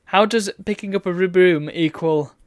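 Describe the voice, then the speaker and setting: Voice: mid-range voice, normal speed, dry recording, studio quality. A streamer, chatting wryly and reading game text aloud while playing a retro game. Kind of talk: let's play commentary.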